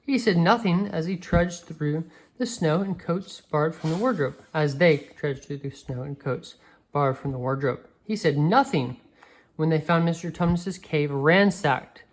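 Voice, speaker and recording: Woman, low voice, reading picture book to a child, gentle, expressive, occasional slips. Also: measured pace, rough recording. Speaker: reader.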